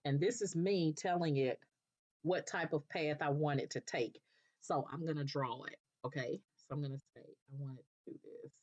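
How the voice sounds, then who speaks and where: A woman presenting a screen-recorded software tutorial, explaining patiently step by step and checking in with "okay", with an occasional cough. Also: sits low, normal speed. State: coughing now and then. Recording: dull lo-fi recording.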